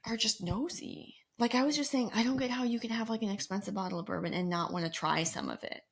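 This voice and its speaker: Creaky-voiced woman chatting on a podcast. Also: quick pace. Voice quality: creaky low register. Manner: laughs often, animated and playful. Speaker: podcast co-host. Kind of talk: casual podcast chat.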